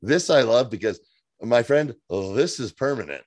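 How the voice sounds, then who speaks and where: A man co-hosting a casual podcast recap, animated and profane, reading out viewer reviews and acting out scenes. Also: medium pitch, moderate pace, dry recording. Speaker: podcast co-host.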